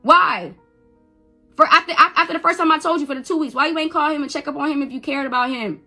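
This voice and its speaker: A woman's voice: high-pitched, fast, bright, forceful tone, soft background music. A mother in a heated rant defending herself, agitated and repetitive, stumbling over restarts. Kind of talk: heated live-video rant.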